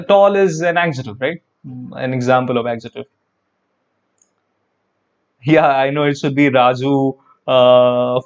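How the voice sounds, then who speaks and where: A man's voice: medium pitch, muffled recording. A man teaching an English grammar lesson online, chatty and repetitive, talking straight to his viewers and answering their comments. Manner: chatty, repeats words, talks to viewers.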